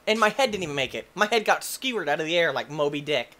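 Young guy yelling his way through a game, goofy and hyper, voice jumping all over the place. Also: fairly high pitch, fast, few pauses, slight background noise. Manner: goofy and excitable, shouts and yelps, silly quoted voices. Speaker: gaming YouTuber. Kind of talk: energetic gameplay commentary.

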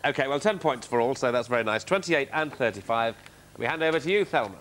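A man's voice: mid-range voice, lively intonation, fast talker, a bit bright, slight background noise. Man, game show host, teasing chatty banter, tv studio. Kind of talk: light-hearted studio banter. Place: television studio.

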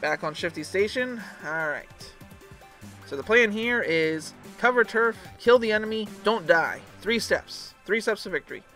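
A woman's voice: medium pitch, expressive, unhurried, a bit bright. A woman giving casual running commentary while playing an online game, reacting aloud as she plays. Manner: chatty, reacts aloud to the match. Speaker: gaming streamer. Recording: game music behind the voice. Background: game music.

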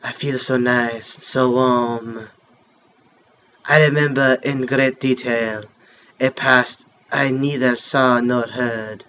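A man putting on a hushed mock-French creature narrator. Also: medium pitch, fairly even intonation, slow, muffled recording, a little hiss or hum, voice pushed down. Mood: solemn, hushed. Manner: hushed, dramatic storytelling. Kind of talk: reading game text aloud.

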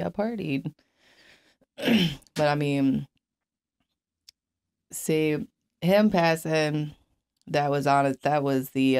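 A woman's voice: low voice, darkish tone, clear, resonant tone. A young woman as an interview guest, telling her life story candidly and bluntly, with frequent swearing and fillers. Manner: blunt, profane, many fillers.

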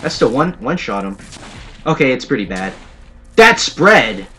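A young man, a gaming commentator, delivers playful, sarcastic let's play commentary with jokey asides while playing a shooter game. His mid-range voice is very animated and sharp in tone, though his pace stays measured. Faint game music plays behind him, along with slight background noise.

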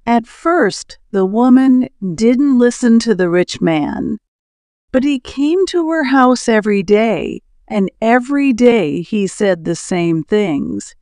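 A woman narrating a story for English learners, reading in a careful, measured way. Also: fairly high pitch, expressive, mellow, smooth, no room sound, studio quality.

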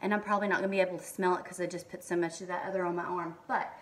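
A middle-aged woman, chatting excitedly in a home kitchen as she unboxes beauty products, reading labels aloud with lots of ums. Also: on the low side, very fast, recorded from a distance. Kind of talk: casual haul and unboxing chat.

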